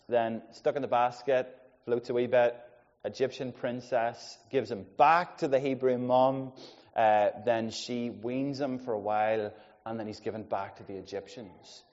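A man preaching a sermon, swinging between loud emphasis and quiet asides. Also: mid-range voice. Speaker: pastor. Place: church hall. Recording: dull sound in a long-reverb church hall.

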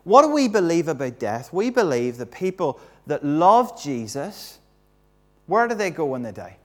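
A man's voice: a little high, big pitch swings, moderate pace, fairly bright tone. A man preaching an all-age sermon in a church, acting out the story and quizzing the congregation.

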